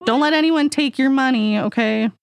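A woman's voice: sits high, moderate pace, creaky, clear, resonant tone. A woman hosts a podcast interview in an easy conversational tone. She is given to dry, sarcastic asides. The recording is dry, with no room echo. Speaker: podcast host.

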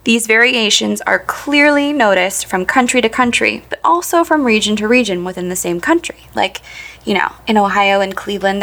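A woman's voice: mid-range voice, normal speed, fairly bright tone. A woman from the United States hosting a podcast, reading prepared notes and riffing on them with enthusiasm. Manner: enthusiastic, reads facts then riffs. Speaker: podcast host. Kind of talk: reading prepared notes mixed with casual chat.

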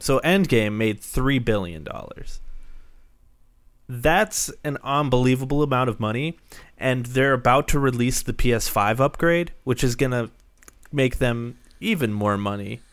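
A man co-hosting a podcast, talking in a measured, casual way with short pauses and fillers. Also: mid-range voice, fairly bright tone, no echo. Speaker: podcast co-host. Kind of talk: casual chat.

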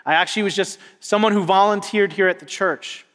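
Male pastor, high and bright, animated storytelling sermon, long church-hall reverb. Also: brisk. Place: church sanctuary.

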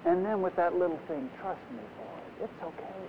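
Gentle loving God voiced by a man, hushed, reassuring, slightly high, dull lo-fi recording. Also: a little fast, close to an everyday voice. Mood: tender. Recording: dull lo-fi recording, faint noise.

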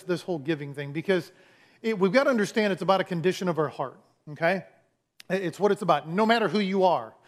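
High-voiced, folksy preacher man. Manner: folksy storytelling with humor. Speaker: pastor. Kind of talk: sermon.

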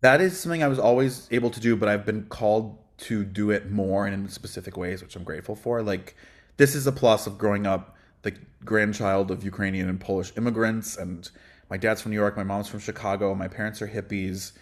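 A man with a low bass voice, a guest voice teacher talking in a casual, reflective way with frequent ums. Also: fairly even intonation, brisk. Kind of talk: casual podcast conversation.

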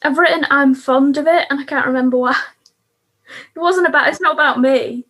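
A young woman co-hosting a podcast, chatty and quick as she recaps an episode with laughs. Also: high voice, fairly bright tone. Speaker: podcast co-host. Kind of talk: casual chat.

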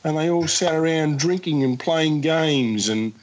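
A man, a traveller and guest, telling road-trip stories in animated casual chat with exasperated asides. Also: a little high, unhurried, dull audio.

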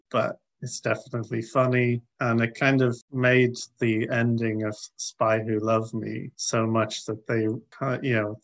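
A man co-hosting a film podcast, talking through a movie in a measured, dry way. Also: medium pitch, a bit bright. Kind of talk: casual film review chat.

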